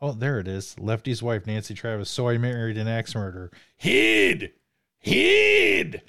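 A man's voice: lowish voice, a little fast, a little mellow, smooth, no echo, clean studio sound. A man hosting a casual movie discussion podcast, joking and reading from his notes. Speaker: podcast host.

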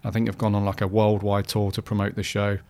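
A man's voice: lowish voice, completely flat delivery, fast, a little mellow. A man hosting a podcast, talking casually and rambling with many restarts and fillers. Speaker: podcast host.

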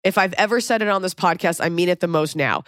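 A woman's voice: on the low side, no room sound, clean studio sound. Blunt, swearing woman podcast host. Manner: blunt, swears freely, riffs and asks rapid questions. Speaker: podcast host giving advice. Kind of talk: casual advice podcast chat.

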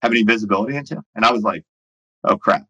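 A man's voice: lowish voice, racing, bright, forceful tone, slightly rough, low-quality recording. A man who runs his own business, telling stories in a casual, rambling way full of fillers. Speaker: entrepreneur and business owner guest. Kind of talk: casual storytelling.

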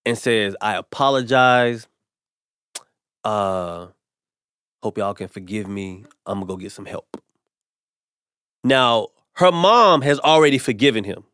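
A man with a fairly low voice tells a personal story in a relaxed podcast chat. He slips into the voices of the people he quotes. The sound is dry and close to the mic. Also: a little slow, long pauses, clean tone, no room sound. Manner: animated storyteller acting out quotes. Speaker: comedian guest. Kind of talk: casual storytelling.

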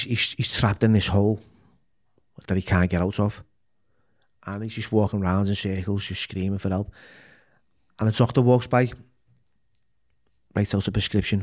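Deep and a little mellow, this middle-aged man's voice comes through as he talks frankly on a podcast, cursing a lot, pulling no punches, and frequently starting sentences over.

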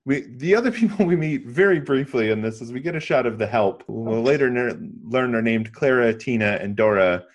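A man's voice: medium pitch, lively intonation, brisk, few pauses. A man co-hosting a casual podcast, recapping a film with "uh" and "um" fillers and frequent laughs. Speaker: podcast co-host. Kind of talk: casual chat.

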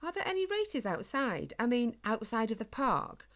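A woman's voice: a little high, sing-song, moderate pace, a bit bright, voice pushed up. A woman voicing a young hedgehog boy who loves running, earnest and a bit timid. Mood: eager. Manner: earnest, hopeful, a little timid.

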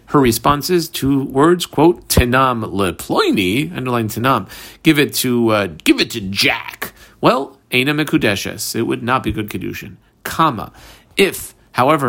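A man walks through a Talmud page with a lively, swooping delivery, jumping between Aramaic phrases and chatty English. His voice has a gravelly rasp underneath. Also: mid-range voice. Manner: animated, mixes Aramaic with casual English asides. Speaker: Talmud teacher. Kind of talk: daf study lesson.

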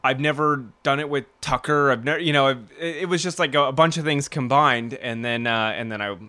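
A man's voice: medium pitch, a little fast, pushed and bright. A man co-hosting a podcast, chatting casually with restarts and frequent laughter. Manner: laughing, self-deprecating, rambling with restarts. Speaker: podcast co-host.

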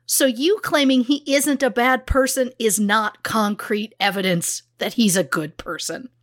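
A woman's voice: a little high, unhurried, dry recording, clean studio sound. Sarcastic, blunt woman podcast host. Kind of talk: true crime podcast chat.

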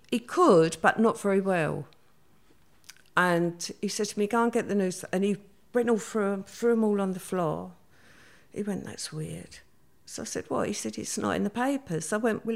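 A woman's voice: medium pitch, normal speed, creaky. An older woman, a guest recounting her past in a chatty interview, acting out what others said. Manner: chatty, acts out quoted voices. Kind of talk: storytelling interview.

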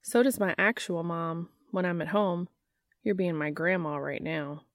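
A woman's voice: fairly low pitch, unhurried, dry recording, lightly acted. A woman doing a sarcastic teenage girl. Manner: dry, sarcastic, sing-song at times. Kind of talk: audiobook reading.

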